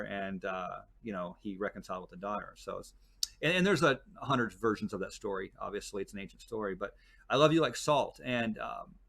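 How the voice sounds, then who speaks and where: This man, a desert tour guide appearing as a guest, tells meandering stories in casual chat, stumbling over fillers and restarts. His voice is medium-pitched and gravelly, a bit bright.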